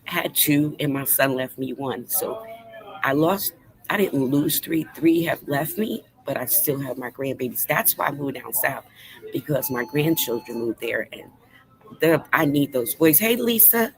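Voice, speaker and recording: A woman's voice: sits low, poor audio. Emotional grandmother talking to her viewers. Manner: earnest, emotional, talks straight to the chat. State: voice trembles with emotion. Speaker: livestream host. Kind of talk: casual livestream chat to viewers. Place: fast-food restaurant.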